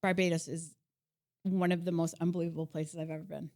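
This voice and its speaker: A woman in her thirties co-hosting a podcast, telling a story in a casual, animated way and laughing often. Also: on the low side, quick pace. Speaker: podcast co-host. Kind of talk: casual chat.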